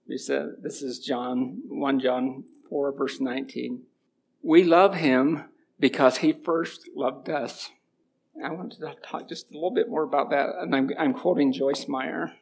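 A man's voice: fairly high pitch, gravelly, a little mellow, slightly rough. A middle-aged man giving an informal church talk, mixing homely stories with scripture readings, with a runny nose. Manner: folksy storytelling mixed with scripture reading. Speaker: church speaker.

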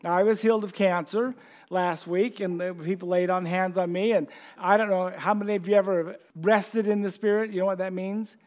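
A man's voice: high voice, fairly even intonation, normal speed. A man preaching a conversational sermon, repeating phrases over and over for emphasis.

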